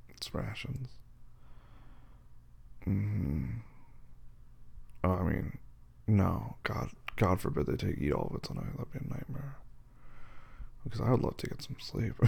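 A tired man in a whispered role-play as a husband and father, talking softly and affectionately to his partner at bedtime. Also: deep voice, gravelly, slightly rough. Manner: soft, sleepy and affectionate, calls the listener baby.

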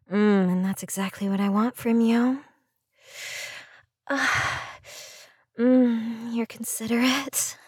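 A woman with a high voice performs an intimate audio role-play, her words slow and lingering. She coaxes softly and affectionately, with sighs and drawn-out hums. The recording is close and dry, with no room sound. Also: no room sound. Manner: soft, coaxing and affectionate, with sighs and moans.

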